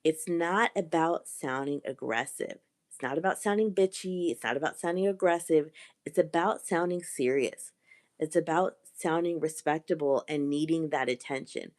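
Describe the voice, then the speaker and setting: A woman's voice: low voice, moderate pace. A woman with a sore throat giving a live-stream coaching talk, earnest and repeating her key points. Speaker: communication coach.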